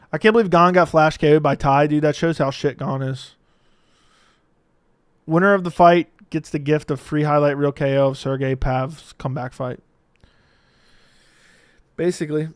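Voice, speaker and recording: A man hosts a casual live MMA stream from home and teases his chat as he reads their messages. His voice sits a little high and comes across smooth and resonant. The sound is dry and close to the mic, with no room behind it. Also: no echo. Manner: joking, laughs often, playful teasing of chat. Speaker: MMA livestream host. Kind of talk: casual livestream chat reading viewer comments.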